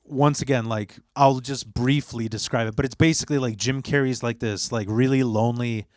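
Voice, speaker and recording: A man in casual podcast chat, rambling with many fillers and frequent swearing. His voice sits at an average pitch. The sound is dry and close. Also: steady tone, fairly quick, no echo. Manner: rambling, profane, lots of fillers. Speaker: podcast co-host.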